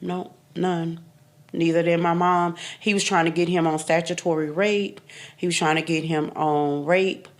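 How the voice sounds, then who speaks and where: At a measured pace and level tone, a low-voiced woman in her fifties speaks as a podcast guest. Her storytelling is candid and blunt; she repeats phrases emphatically and laughs at times through painful recollections.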